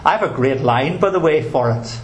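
A man's voice: on the high side, expressive, brisk, a little hiss or hum. A male pastor preaching a sermon in an earnest, emphatic way, with touches of dry humor. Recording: roomy echo.

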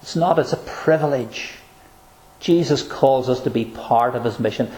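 A man preaching a sermon, earnest and emphatic, slowing down to stress key phrases. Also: mid-range voice, mellow, roomy sound, rough recording.

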